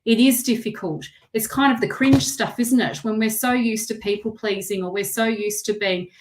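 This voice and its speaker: A woman's voice: mid-range voice, normal speed, background noise. A woman with an Australian accent giving a live tarot reading, chatty and rambling, with lots of restarts. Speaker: tarot reader.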